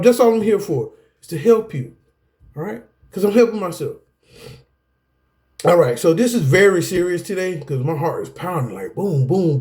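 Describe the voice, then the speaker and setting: A self-help video teacher speaks to camera about anger in a preachy, preacher-like cadence, calling viewers "y'all," laughing often and breaking off mid-sentence. His voice is high-pitched with a darkish tone.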